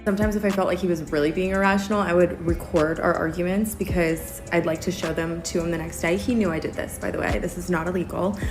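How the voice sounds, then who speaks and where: A woman's voice: lowish voice, fairly even intonation, fast talker, hardly any pauses, music in the background. An American woman telling a personal story in casual chat, candid and wry, with many filler words. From United States. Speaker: storyteller on a podcast.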